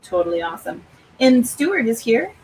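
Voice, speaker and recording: A woman's voice: on the high side, big pitch swings, moderate pace, a little mellow, slight background noise, low-quality recording. Chatty upbeat woman live-streaming. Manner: chatty, upbeat, laughs often. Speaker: livestream host of writing sprints. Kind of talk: casual live-stream chat.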